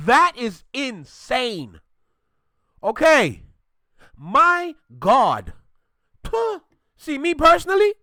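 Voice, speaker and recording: A man with a bright, forceful voice hosts a reaction video in casual commentary. He swings between joking and mock outrage, and drags words out slowly for emphasis. The sound is dry, with almost no room reverb. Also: high voice.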